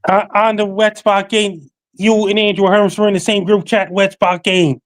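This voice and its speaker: A man appearing as a podcast guest, talking in a flat recital that lists facts, dates and handles one by one. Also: sits high, normal speed. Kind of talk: casual call-in chat.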